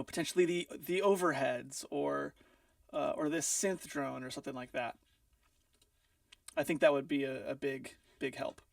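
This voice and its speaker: A man's voice: on the high side, gravelly, no echo. A man teaching music mixing in a studio, explaining casually while thinking aloud with frequent ums and restarts. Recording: dry, a bit far from the mic.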